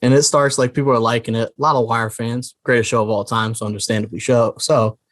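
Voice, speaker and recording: A man's voice: medium pitch, steady tone, fast talker, fairly bright tone. Man, podcast co-host, rambling, casual, lots of fillers. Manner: rambling, filler-heavy, laughing. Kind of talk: casual chat.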